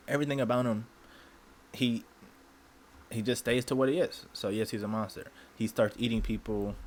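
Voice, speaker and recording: A man's voice: on the low side, slight background noise. A man giving casual anime commentary, rambling with lots of stammered restarts and slang.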